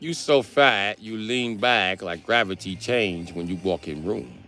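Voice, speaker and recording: A male comedian telling a profane, animated comic story on a live stream. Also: lowish voice, a little slow.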